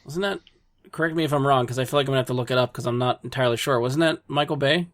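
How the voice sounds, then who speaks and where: A man chatting casually as a podcast guest about movies, easygoing and quick to agree. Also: mid-range voice, fairly bright tone, no echo, studio quality.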